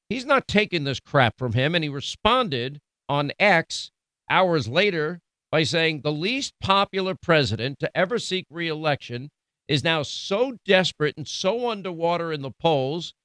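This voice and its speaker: A middle-aged radio talk show host delivers political commentary in an emphatic, indignant, sarcastic manner. His voice is a little high, bright and forceful, captured in a dry recording.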